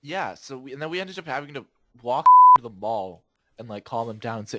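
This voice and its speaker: A man's voice: mid-range voice, expressive, fairly quick, pushed and bright, slight background noise. A man in his twenties, a podcast host, telling a rambling story in casual chat, laughing often and restarting his sentences.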